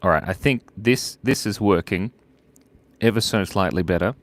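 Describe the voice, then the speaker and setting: A man's voice: on the low side, moderate pace, no room sound. A man hosting a live drawing stream, chatting casually, joking, laughing often and reading out viewer comments.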